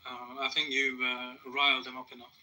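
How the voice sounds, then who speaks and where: A man's voice: mid-range voice, monotone, a little fast, pushed and bright, poor audio. A man moderating a live debate, speaking hesitantly with many fillers.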